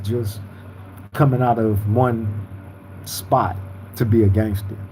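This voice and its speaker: Laid-back man with a mellow voice. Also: medium pitch, slight background noise, low-quality recording. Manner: laid-back, streetwise slang, frequent "you feel me". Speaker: podcast host reading viewer comments. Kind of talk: casual live-stream chat.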